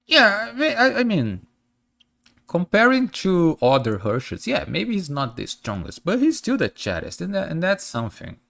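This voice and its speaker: Stuffy-nosed male streamer, lively pitch. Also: normal speed, gravelly, few pauses. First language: not English. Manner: chatty with many restarts and fillers. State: stuffy blocked nose. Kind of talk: casual stream chat.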